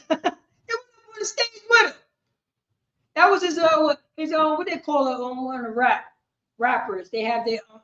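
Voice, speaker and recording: A woman teaching a scripture class, preaching with call and response, impassioned and rising to shouts, then dropping low. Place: classroom at a group's headquarters. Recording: roomy, muffled room recording.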